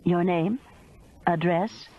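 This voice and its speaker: A woman's voice: fairly low pitch, slow pace, warm tone, highs cut off. A woman voicing a businesslike female emergency operator, speaking matter-of-factly. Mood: brisk.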